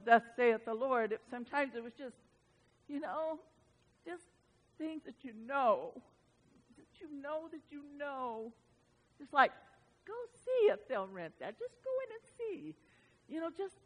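A woman pastor preaches in a conversational, storytelling way, repeating words to press her point. Her voice sits a little higher than most women's. It carries a long reverb, as if it rings through a big sanctuary. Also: fairly bright tone. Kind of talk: sermon. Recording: long reverb of a large hall.

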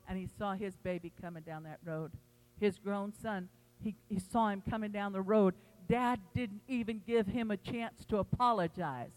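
A woman pastor preaching a sermon, telling the story with animated quoted voices. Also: a little high, in a large hall, poor audio.

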